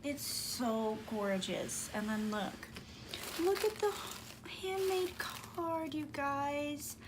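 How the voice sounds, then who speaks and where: A woman's voice: high voice, expressive, drawn-out words, background noise. A woman vlogger chatting through a craft mail unboxing, gushing and squealing with delight. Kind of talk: excited unboxing vlog.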